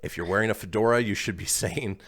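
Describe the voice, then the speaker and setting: A man's voice: on the low side, fast talker, a bit bright. A man hosting a radio talk show, reading listener posts aloud and chuckling often. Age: adult, calls himself old. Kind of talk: casual radio chat.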